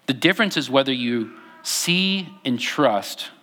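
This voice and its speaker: A man's voice: medium pitch, lively intonation, unhurried, pushed and bright. A young man preaching a conversational sermon, with frequent fillers and restarts as he reads scripture aloud. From Texas. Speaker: pastor.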